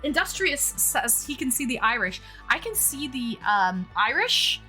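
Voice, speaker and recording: Bright-voiced woman hosting a live stream. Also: high voice, sing-song, a little slow, soft background music. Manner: chatty, reads out viewer comments. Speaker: stream host. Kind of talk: casual live-stream chat.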